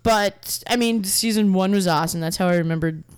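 A woman co-hosting a podcast in casual chat, giggling and halting as she talks. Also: medium pitch, smooth, dry recording, clean studio sound. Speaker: podcast co-host.

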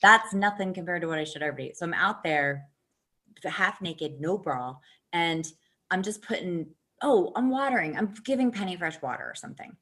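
A woman telling a long, animated, profanity-laced story in casual chat, laughing often. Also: lowish voice, a little fast.

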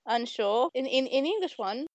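Female co-host, high voice, animated retelling, dry close mic. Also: moderate pace, no room sound, highs cut off. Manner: animated, acts out quoted lines. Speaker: podcast co-host. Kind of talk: casual chat.

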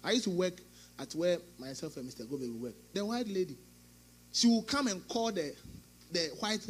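A middle-aged male pastor preaching a sermon, swinging between loud outbursts and quieter asides, acting out quoted speech. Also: high-pitched, lively intonation, brisk.

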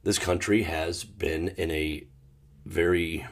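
A man hosting his own podcast, talking in a rambling, emotional way and feeling low, often restarting and sometimes bursting out loudly. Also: steady tone, slow, vocal fry. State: low and sad. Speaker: podcast host. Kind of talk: casual solo monologue.

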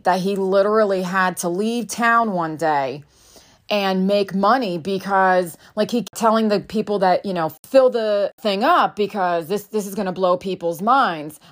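A woman in her thirties talks through a personal parenting story at an unhurried, deliberate pace. Her voice sits at an ordinary middle pitch, and her delivery is candid and reflective, with the odd swear word dropped in. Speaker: mother sharing a parenting story. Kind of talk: casual storytelling monologue.

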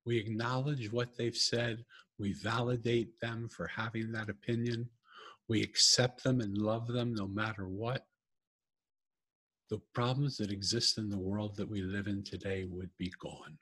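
A man who is an author and podcast guest, speaking in an earnest, measured, inspirational way. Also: on the low side, fairly even intonation, fairly bright tone, husky. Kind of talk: reflective conversational talk.

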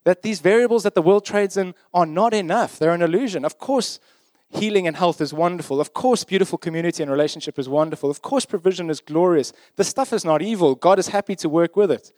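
A man's voice: high-pitched, quick pace, darkish tone, no room sound. A man preaching a sermon in a conversational, emphatic way, often checking in with his listeners.

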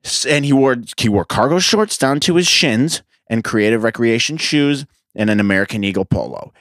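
Sarcastic, lively-voiced young man ranting. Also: medium pitch, moderate pace, no room sound, clean studio sound. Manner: profane, sarcastic, rambling. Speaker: podcast host. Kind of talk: casual podcast rant.

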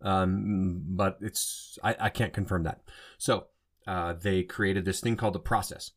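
Speaking at a measured pace with fairly even intonation, this low-voiced man hosts a podcast on his own. His monologue is casual and rambling, broken up by frequent self-corrections and rephrasings.

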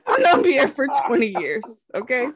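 A woman's voice: sits high, moderate pace, over a noisy crowd. A woman hosting a podcast in casual chat, telling stories with lots of laughter and acted-out quotes. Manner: animated storyteller, laughs often, acts out quotes. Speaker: podcast host.

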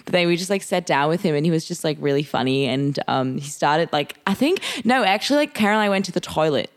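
A young woman from Germany co-hosting a podcast, telling stories in casual chat and acting out quotes with big pitch jumps. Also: lively intonation, fast. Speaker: podcast co-host.

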